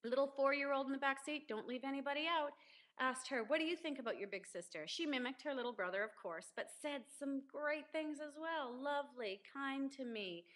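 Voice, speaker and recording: High-voiced earnest mom on a webcam. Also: female voice, brisk, fairly bright tone. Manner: earnest, preachy, repeats key phrases. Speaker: parent vlogger. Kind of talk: casual parenting advice talk.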